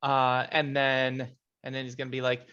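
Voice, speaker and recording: A man playing a tabletop game, narrating his character's turn slowly with hesitations. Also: medium pitch, completely flat delivery, sharp tone, clear, resonant tone, muffled recording. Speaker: player. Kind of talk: casual tabletop play.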